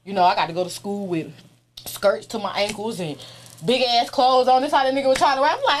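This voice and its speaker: A woman's voice: mid-range voice, very animated, a little fast, slight background noise. Blunt, profane woman. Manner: blunt, profane, laughs often. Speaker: interview guest. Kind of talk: casual candid chat.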